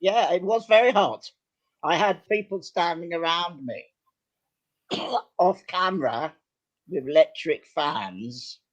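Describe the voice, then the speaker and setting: An older man, a guest actor and writer, telling lively, self-deprecating anecdotes with some hesitation in casual chat. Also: on the high side, slow pace, long pauses, highs cut off.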